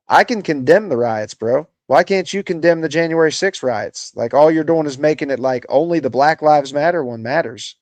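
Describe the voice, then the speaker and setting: A man's voice: on the high side, normal speed, few pauses, a little mellow, no room sound. Profane exasperated man ranting live. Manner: profane and exasperated, lots of bro and dude. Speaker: political livestream host.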